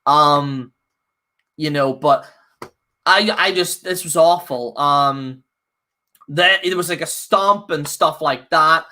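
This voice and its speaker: A man with a bright, forceful voice rants through a casual live review. He rambles and restarts often, exasperated and full of fillers. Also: fairly high pitch, slow, long pauses. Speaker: host reviewing a wrestling show.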